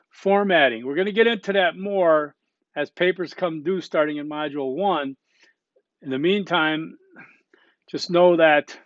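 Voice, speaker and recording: A man in his fifties or older, teaching a recorded college lecture in a conversational way, full of "okay?" checks, fillers and quick self-corrections. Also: a little high, no room sound. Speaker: college instructor. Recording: dry, dull lo-fi recording.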